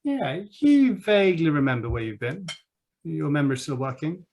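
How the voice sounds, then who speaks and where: A man's voice: fairly high pitch, sing-song, moderate pace, creaky, darkish tone. A man narrating as game master of a tabletop game, talking with many ums and uhs.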